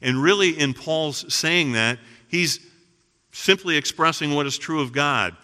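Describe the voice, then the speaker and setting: Bright-voiced preacher in an echoing hall. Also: male voice, a little high, a little slow, clear, resonant tone. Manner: emphatic preaching, rhetorical questions, swings from loud to hushed. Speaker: pastor. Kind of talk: sermon. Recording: long reverb of a large hall.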